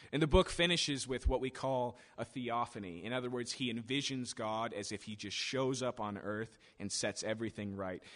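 A man's voice: mid-range voice, fairly bright tone. A man preaching a sermon in storytelling fashion, acting out quoted voices as he builds intensity. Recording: long hall reverb.

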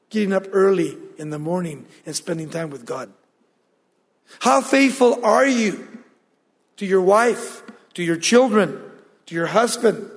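A man preaching a sermon as pastor, emphatic and slowing down to stress key words. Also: high voice. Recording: long reverb of a large hall.

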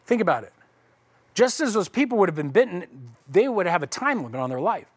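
A man's voice: high-pitched, sing-song, fairly quick, husky. A man preaching a conversational sermon as pastor, casually acting out the voices of people in the story.

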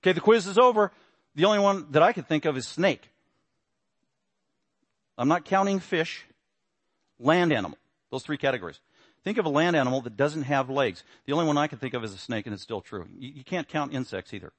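Animated preacher man, dry close sound. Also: fairly high pitch, brisk, long pauses, dry recording. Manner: animated, rhetorical questions and quizzing the audience. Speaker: pastor. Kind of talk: sermon.

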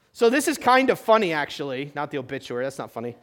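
A pastor preaching to his church in a conversational way, asking the room questions and swinging between loud emphasis and quiet, hushed lines. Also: on the high side, big pitch swings, fast. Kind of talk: sermon.

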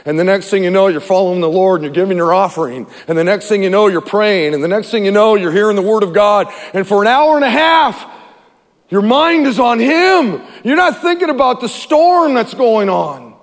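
A male pastor preaching a sermon in an animated way, acting out scripture voices and dropping from loud to hushed. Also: high-pitched, brisk, long reverb tail.

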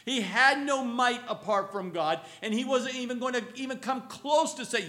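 A male pastor preaching a sermon, asking the congregation questions and swinging between loud, emphatic lines and hushed, slow ones. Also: high-pitched, very animated.

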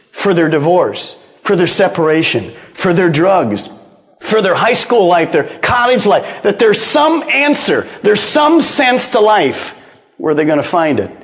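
A man preaching a sermon as pastor, animated, asking rhetorical questions and dropping to hushed low tones. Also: big-room sound. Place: church sanctuary.

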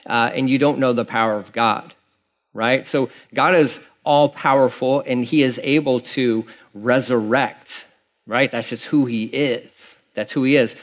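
Conversational preaching pastor, loose and rambling. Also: male voice, mid-range voice, fairly even intonation, measured pace. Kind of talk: sermon.

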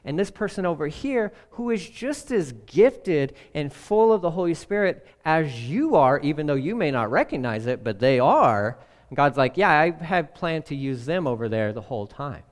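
A middle-aged male pastor preaching with a lively, swinging delivery, acting out other voices as he tells his stories. His voice sits a little high for a man. The sound carries a long reverb, as if in a big hall. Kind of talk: sermon.

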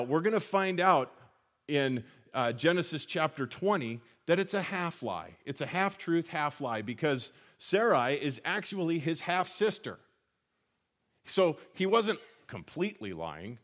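A man preaching a sermon in a conversational teaching manner, asking rhetorical questions and correcting himself as he goes. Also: a little high. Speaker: pastor.

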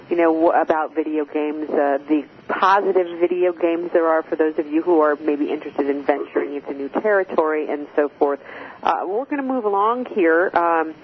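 A male host interviewing a guest, upbeat and encouraging, steering with quick affirmations. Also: fairly high pitch. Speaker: show host. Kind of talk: radio interview hosting. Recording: phone-like line with faint hiss.

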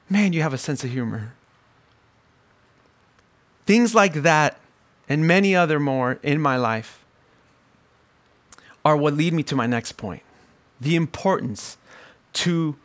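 A male pastor gives a sermon in a slightly higher voice, telling his own story. He drops to near-hushed reflection, then builds to emphatic, ringing lines. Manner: storytelling, swings from quiet to emphatic.

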